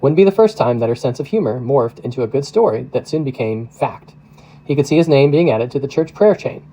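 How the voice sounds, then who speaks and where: A man, a pastor, narrating a novel in a steady, measured audiobook reading. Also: medium pitch, poor audio.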